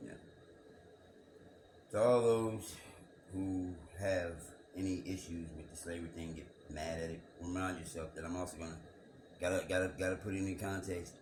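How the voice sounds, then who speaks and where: Deep-voiced man musing over scripture. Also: steady tone, moderate pace, darkish tone. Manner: musing, rhetorical questions, repeats words. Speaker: scripture commentator. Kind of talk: reflective bible commentary monologue. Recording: echoey room with background noise.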